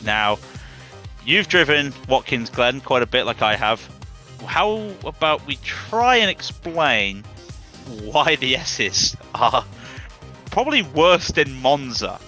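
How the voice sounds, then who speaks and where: Bright-voiced jokey race commentator man. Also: medium pitch, sing-song, slow, soft background music. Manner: chatty, jokey, laughs easily. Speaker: sim racing commentator.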